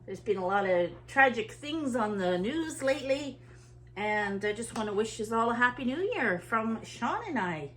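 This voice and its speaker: A woman's voice: on the high side, lively intonation, moderate pace, fairly bright tone. A middle-aged woman from Canada, a vlogger chatting casually at home as she unpacks groceries and thinks aloud. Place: home kitchen.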